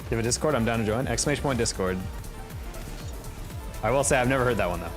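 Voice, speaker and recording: A man's voice: mid-range voice, fast talker, music in the background. A young man live-streaming a game, chatting casually, reacting to plays and answering his chat. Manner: chatty, reacts to gameplay and reads chat aloud.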